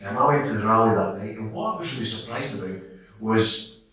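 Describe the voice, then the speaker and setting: A man's voice: lowish voice, fairly quick, a bit bright, slight background noise. A middle-aged man with a Scottish accent, speaking passionately at a public meeting, rambling and restarting as he tells his story. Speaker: audience member at a public meeting. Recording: echoey hall, distant mic.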